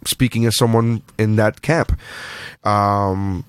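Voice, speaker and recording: A man's voice: lowish voice, steady tone, takes it slowly, clear, resonant tone, no room sound. A man hosting a podcast, chatting casually about movies, rambling and swearing often as he tells a story. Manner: rambling, profane, self-interrupting storyteller. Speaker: podcast host.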